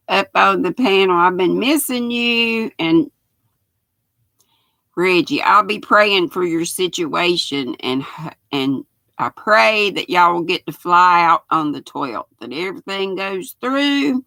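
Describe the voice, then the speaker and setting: Slow, folksy older Southern woman. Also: mid-range voice, fairly bright tone, dry recording. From North Carolina. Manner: chatty, folksy, greets viewers by name. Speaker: livestream host. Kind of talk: casual livestream chat greeting viewers.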